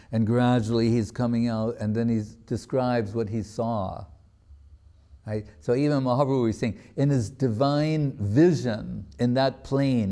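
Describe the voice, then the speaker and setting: Mellow low-voiced man telling sacred stories. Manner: conversational retelling with casual fillers. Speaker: spiritual teacher. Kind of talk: storytelling religious talk.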